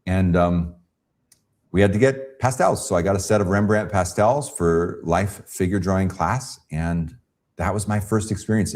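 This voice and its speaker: Very deep-voiced man telling stories. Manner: animated storyteller who acts out quoted voices. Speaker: guest pastel artist. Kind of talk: casual interview storytelling.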